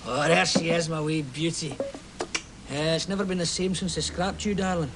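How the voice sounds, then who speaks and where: A man's voice: on the high side, fairly even intonation, moderate pace, very noisy, lightly acted. A man playing a chatty Glasgow football fan. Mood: warm storytelling. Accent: Glaswegian Scottish. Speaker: football fan telling a story. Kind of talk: stage play acting.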